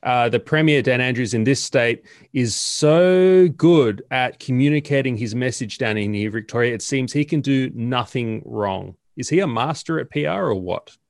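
A man hosts a satirical news show in a mock-official, sarcastic announcing manner. His voice sits at an ordinary middle pitch. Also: moderate pace, gravelly. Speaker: host.

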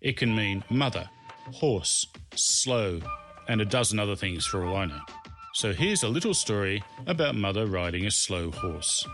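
A middle-aged man narrates his own comic memoir in a lowish voice. His delivery bounces through a wide, lively pitch range, and his humour is dry and self-mocking. Music plays clearly beneath the reading. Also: normal speed. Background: background music.

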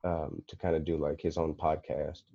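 A man's voice: extremely low pitch, level tone, normal speed, creaky, no echo, muffled recording. A man talking as a podcast guest in casual conversation, rambling with many fillers and restarts.

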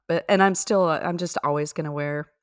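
A woman's voice: low voice, steady tone, a little fast, no echo, studio quality. A woman co-hosting a casual podcast with her husband, firm and teasing as she chides him. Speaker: podcast co-host. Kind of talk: casual chat between spouses.

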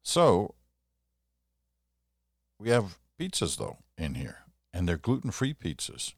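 Deep-voiced older man chatting on a podcast. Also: huge pitch swings, takes it slowly, vocal fry, no room sound, clean studio sound. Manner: chatty, rambling, self-deprecating asides. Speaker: podcast host. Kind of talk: casual solo podcast monologue.

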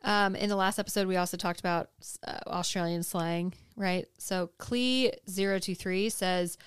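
A woman's voice: mid-range voice, fairly even intonation, normal speed, clean tone, no room sound, clean studio sound. A woman co-hosting a podcast, reading listener comments aloud and chatting with curiosity. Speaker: podcast co-host.

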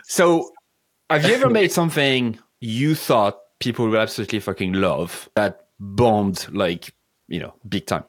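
A man's voice: lowish voice, lively intonation, measured pace. A man with a French accent hosting a marketing podcast, upbeat and wry, swearing casually. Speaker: podcast host. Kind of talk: podcast interview.

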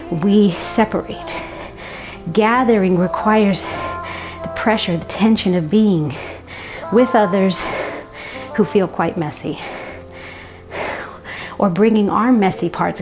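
A woman preaching a sermon in a reflective, earnest way, breaking into soft laughs now and then. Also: medium pitch.

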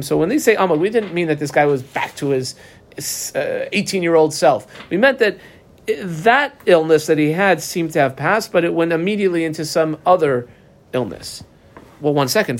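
Man, Talmud teacher; relaxed, chatty delivery, mid-high register, Aramaic phrases woven into plain English. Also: moderate pace. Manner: mixes Aramaic and Hebrew terms with casual English asides. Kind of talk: daf yomi Talmud lesson.

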